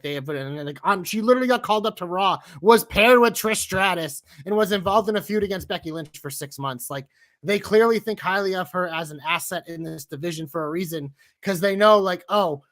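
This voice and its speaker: A co-host of a wrestling podcast, chatty and quick to laugh, in casual chat. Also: medium pitch, fairly bright tone. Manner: chatty, laughs easily, swears.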